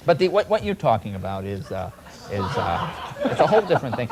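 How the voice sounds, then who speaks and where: A man who is a talk show guest and comedian, telling a comic story in an animated way and jumping into voices for the people in it, in a noisy old TV broadcast recording. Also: medium pitch, fairly quick. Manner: animated, jumps into voices for the people in his stories.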